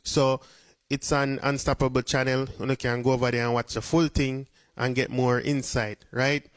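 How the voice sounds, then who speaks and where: A man's voice: medium pitch, level tone, normal speed, dry recording. A man with a Jamaican accent giving casual commentary, talking in a chatty way and dropping into patois. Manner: chatty patois, frequent "you see me". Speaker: vlogger.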